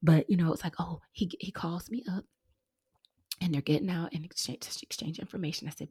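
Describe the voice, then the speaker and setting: A middle-aged woman hosting her own show, talking earnestly and warmly to listeners she calls y'all, sometimes dropping to a breathy near-whisper. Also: fairly low pitch, fairly even intonation, fairly quick, no room sound, studio quality. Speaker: podcast host. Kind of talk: heartfelt casual monologue.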